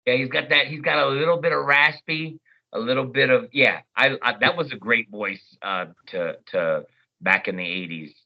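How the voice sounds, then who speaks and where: Animated man on a muffled line. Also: medium pitch, normal speed, creaky. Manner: animated, breaks into loud sung snippets and mimicked voices. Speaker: voice actor guest. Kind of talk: casual interview chat.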